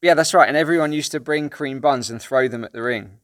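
A man's voice: medium pitch, fast talker, dry recording. A man co-hosting a podcast, chatting casually and teasing his co-host. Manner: teasing, playful banter. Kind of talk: casual chat.

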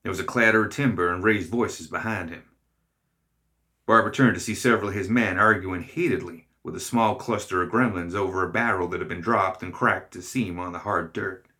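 A man narrates a story in measured, expressive reading. His voice is low and bright-edged, and it cuts cleanly through the telling. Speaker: reader.

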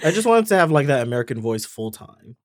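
A man co-hosting a casual podcast chat about a film, animated and laughing, with many restarts. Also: medium pitch, fast. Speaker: podcast co-host.

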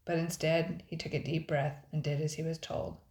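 An older woman with a notably low voice reads a children's storybook aloud, measured and expressive. Her voice carries a roomy echo around it. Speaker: storybook reader. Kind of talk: children's audiobook narration.

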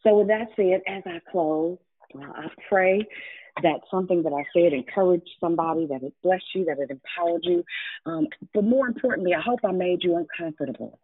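A woman's voice: on the low side, a little fast, slightly rough. A woman hosting a prayer call, preaching fervently and greeting callers playfully over the phone. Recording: phone line.

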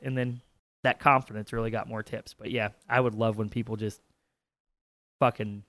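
A man co-hosting a casual comedy podcast, telling profane, animated stories full of acted-out quotes. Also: medium pitch, a little fast, dry recording. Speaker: podcast co-host.

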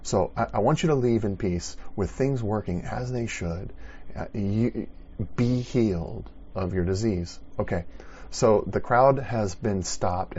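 Man, sermon, animated storytelling, husky, dull lo-fi sound. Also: lowish voice. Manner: animated storytelling, with frequent restarts. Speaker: pastor.

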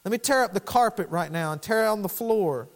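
A pastor preaching a sermon with fervour, dropping to quiet pleading and then rising to loud urgency. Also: male voice, high-pitched, expressive, brisk. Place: church sanctuary. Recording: long church hall reverb.

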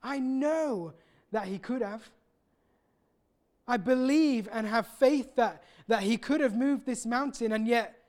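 A man preaching a sermon, earnest and personal, often pausing and restarting his sentences. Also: very high voice, darkish tone. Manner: earnest, with many pauses and restarts.

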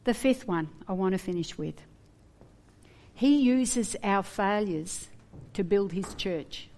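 A woman preaching a sermon, earnest and animated, with humorous asides. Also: medium pitch, takes it slowly.

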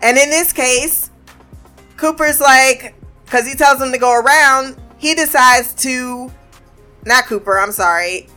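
A woman casually recapping a TV episode, animated and profane, acting out the characters' lines. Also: high voice, a little slow, faint music behind.

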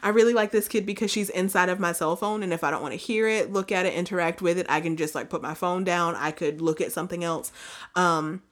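A young woman hosting a casual chat, telling animated stories full of fillers. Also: on the low side, fast. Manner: chatty, animated storytelling with many fillers. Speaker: podcast host.

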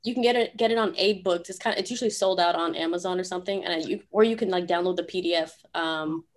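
A woman's voice: lowish voice, quick pace. A woman guest on a podcast who talks casually and bluntly. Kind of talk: podcast conversation.

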